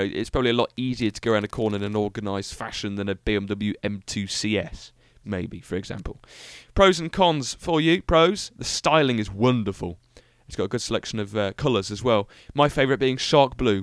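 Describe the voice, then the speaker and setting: A man's voice: mid-range voice, clean tone, dry recording, studio quality. A young British man hosting a solo car-review podcast, talking in a rambling, enthusiastic, self-mocking way with lots of fillers. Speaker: podcast host.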